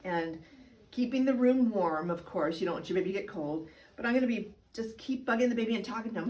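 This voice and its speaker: A woman midwife giving a chatty, playful instructional demonstration, sometimes dropping into high sing-song baby talk. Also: animated, fast, darkish tone, far from the mic, low-quality recording. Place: indoor room. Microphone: camera mic.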